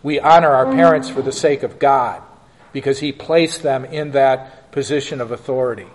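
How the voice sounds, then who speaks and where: A man's voice: medium pitch, moderate pace, big-room sound. A male pastor answering questions in a church class, emphatic and joking.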